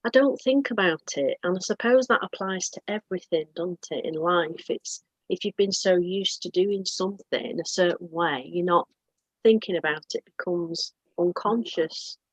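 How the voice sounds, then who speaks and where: A woman with a British accent hosting a casual group chat, chatty and quick to laugh. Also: on the low side, dry recording. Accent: British English. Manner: chatty, laughs often, lively asides. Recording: dull lo-fi dry sound.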